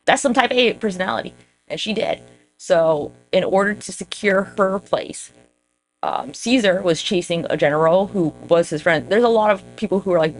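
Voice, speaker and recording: A woman telling history as casual comedy, irreverent and profane, slipping into quick voices for the people she quotes. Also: low voice, a little hiss or hum. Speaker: history storyteller.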